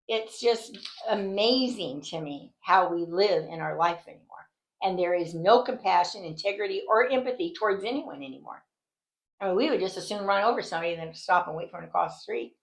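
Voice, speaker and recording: A woman's voice: medium pitch, a little fast, creaky, poor audio. A woman teaching a Bible study in an earnest, indignant, conversational way, rambling and restarting her sentences as she goes. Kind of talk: conversational devotional talk.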